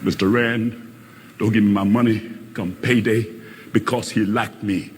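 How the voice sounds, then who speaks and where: An actor playing a stern, gruff father who lectures his son, dropping into low growls and rising into shouts. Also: little pitch movement, normal speed, big-room sound, a little hiss or hum, natural voice. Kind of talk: film drama.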